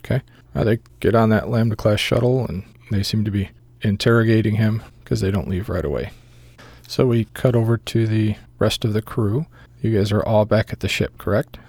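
A man running a tabletop game as game master, narrating scenes in a measured way with filler pauses. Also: fairly low pitch, a little mellow, slightly rough, no echo.

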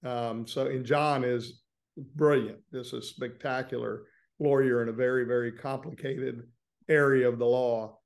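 A man's voice: mid-range voice, fairly even intonation, a little slow, creaky. A man from Florida with a Southern accent, a trial lawyer talking easily and plainly as a guest in a casual interview. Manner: easygoing, plain-spoken storytelling.

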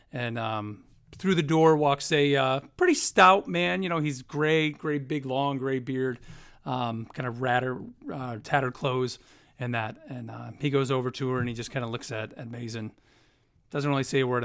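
A man's voice: medium pitch, a bit bright. A man narrating as game master of a tabletop game, rambling with many fillers.

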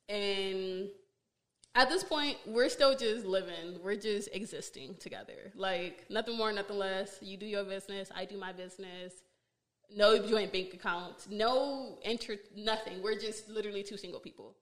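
A woman hosting a podcast talks through a personal story in loose, chatty storytelling. She is animated and exasperated, with plenty of fillers, and her voice sits in an ordinary middle pitch. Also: measured pace. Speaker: podcast host. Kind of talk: casual storytelling chat.

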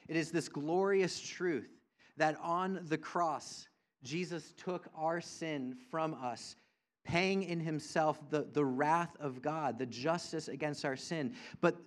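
A man preaching a sermon as a pastor, earnest and repetitive for emphasis, moving between hushed tender lines and loud emphatic ones. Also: a little high. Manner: earnest, repeats phrases for emphasis.

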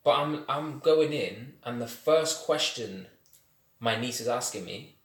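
Animated man, echoey room. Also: mid-range voice, measured pace. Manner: animated, laughs often, slangy storytelling. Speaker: podcast guest. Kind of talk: casual chat.

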